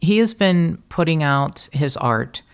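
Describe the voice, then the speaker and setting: Gravelly-voiced woman telling a story. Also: deep voice, slow. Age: middle-aged. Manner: animated, profane, self-mocking storytelling. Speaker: podcast host. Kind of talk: casual storytelling monologue.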